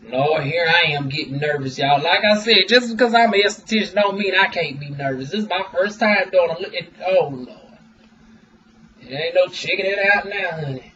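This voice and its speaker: A man's voice: high-pitched, normal speed, muffled recording, slight background noise. A young man, chatting sassily to his viewers in a casual vlog and calling them "honey" and "y'all.". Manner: sassy, expressive, talks straight to viewers with "honey" and "y'all". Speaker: vlogger and aesthetician.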